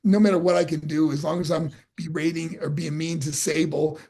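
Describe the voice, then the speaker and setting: A man's voice: on the high side, fairly quick, creaky, slightly rough. An older man in his sixties with a crackly voice, telling stories from his career as an interview guest and acting out what people said. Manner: animated storyteller, acts out quotes. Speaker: guest, former pro wrestler. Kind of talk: storytelling interview.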